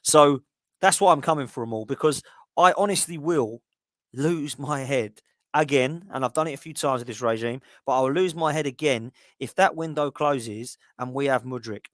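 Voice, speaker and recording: A man's voice: mid-range voice, no echo, clean studio sound. A man hosting a football podcast, ranting with frustration. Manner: fast, exasperated ranting. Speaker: podcast host. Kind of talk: heated casual podcast chat.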